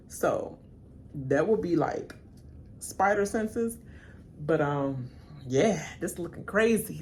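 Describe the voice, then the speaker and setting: Gravelly-voiced woman reacting to a show. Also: slight background noise. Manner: slangy, talks back to the screen; animated, pitch jumps high when emphatic. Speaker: reaction channel host. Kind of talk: live reaction commentary.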